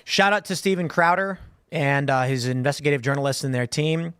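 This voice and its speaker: A man's voice: on the high side, brisk, fairly bright tone, clear, resonant tone, dry recording, studio quality. A man in his thirties hosting a casual commentary show, rambling and repeating words as he thinks. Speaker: host.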